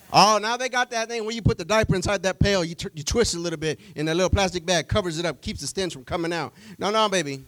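A male preacher gives his sermon in a folksy, chatty style, animated and packed with repetition and rhetorical questions aimed at the congregation. His voice is high, and the audio quality is poor.

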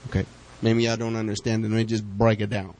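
A man preaching a sermon, talking straight to his congregation and bouncing between calm teaching and excited bursts. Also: fast, low-quality recording. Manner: lively, talks to the congregation directly; pitch jumps up high when excited.

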